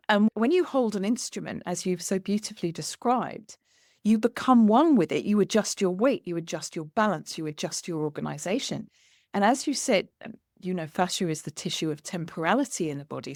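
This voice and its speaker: A woman hosting a conversation, telling a lively anecdote and acting out the dialogue as she goes. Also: on the low side, moderate pace, dry recording, studio quality. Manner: animated, acts out quoted dialogue with laughter. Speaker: podcast host. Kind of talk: storytelling in conversation.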